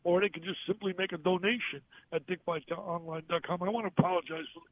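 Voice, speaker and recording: An older man on a phone call, telling stories in an animated way and acting out the voices of the people in them. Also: high-pitched, quick pace. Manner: animated, acts out quoted voices. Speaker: guest. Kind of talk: emotional storytelling on a call-in. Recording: tinny phone line with faint hiss.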